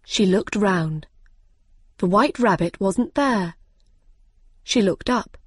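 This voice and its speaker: A woman narrating a storybook in a clear, deliberate, expressive way. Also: medium pitch, no room sound, studio quality. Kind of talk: slow graded storybook reading.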